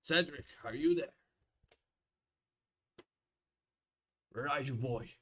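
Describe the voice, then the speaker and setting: A man voicing a stern, tyrannical middle-aged mayor who issues halting threats in a tabletop role-playing game. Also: mid-range voice, sharp tone. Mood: shouting.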